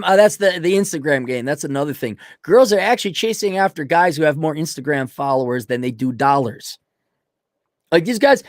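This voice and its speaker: A man's voice: a little high, no echo, clean studio sound. A middle-aged man hosting a ranting commentary, blunt, profane and mocking, with sarcastic put-on voices. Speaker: host.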